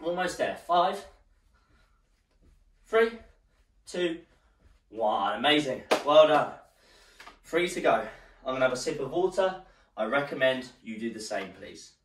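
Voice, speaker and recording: An encouraging man leads a workout class, a little breathless as he moves along with it. His lively voice rises and falls as he counts down the rounds. The room is echoey and he sounds some way from the mic. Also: mid-range voice, unhurried, long pauses, a little hiss or hum. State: slightly out of breath. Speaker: fitness instructor. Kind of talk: live workout class instruction. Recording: roomy echo, distant mic.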